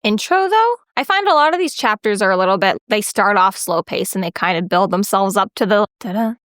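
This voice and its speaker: A woman co-hosting a book podcast, animated and playfully acting out bits of the story. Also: mid-range voice, brisk, dry recording, clean studio sound. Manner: animated, acts out lines in playful voices. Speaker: podcast co-host. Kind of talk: casual book discussion.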